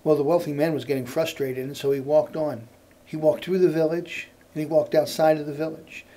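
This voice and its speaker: A male storyteller telling a folk tale in an unhurried cadence that repeats phrases for effect. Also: a little high, fairly even intonation, warm tone.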